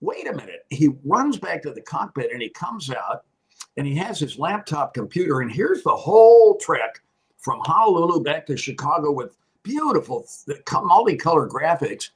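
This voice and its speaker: An older man with a slightly husky, somewhat high voice spins anecdotes in a relaxed chat. His pitch swings a lot as he acts out the stories, and he often laughs along with them. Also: moderate pace, poor audio. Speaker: guest, retired TV meteorologist. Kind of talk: casual storytelling chat.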